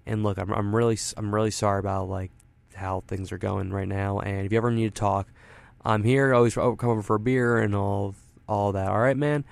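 A man's voice: fairly low pitch, steady tone, brisk, gravelly, no room sound. A man voicing a friendly, apologetic male rat who stammers. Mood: sorry.

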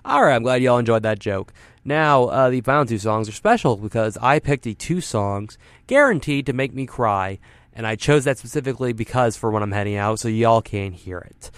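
A man's voice: mid-range voice, lively intonation, moderate pace, clear, resonant tone, no room sound. A man hosting a radio show from a studio, talking casually and rambling, with lots of fillers. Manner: rambling, self-deprecating, full of fillers. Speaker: radio host. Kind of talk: casual on-air talk. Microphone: studio mic, wearing headphones.

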